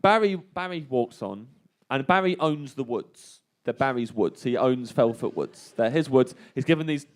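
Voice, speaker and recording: A man, a comedian, telling a funny story in an animated way at a live stage show, laughing through his own tale. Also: mid-range voice, moderate pace.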